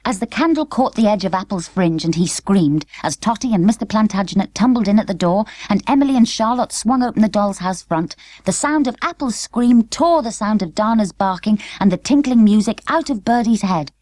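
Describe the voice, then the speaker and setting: A woman narrating an unabridged children's book in clear, measured storytelling. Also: medium pitch, lively intonation, mellow, no room sound. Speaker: audiobook narrator. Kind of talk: scripted narration.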